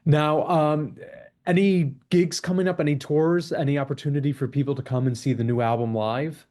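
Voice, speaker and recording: Man, radio host, mellow tone, eager chatty interviewer. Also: a little high, steady tone. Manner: eager, chatty, quick to agree. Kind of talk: interview hosting. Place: radio studio.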